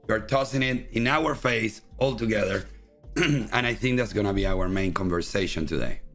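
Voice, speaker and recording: A man's voice: fairly low pitch, normal speed, fairly bright tone, soft background music. A man with a Spanish accent, a native Spanish speaker, hosting a casual livestream interview in a loose, chatty way full of fillers. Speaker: host.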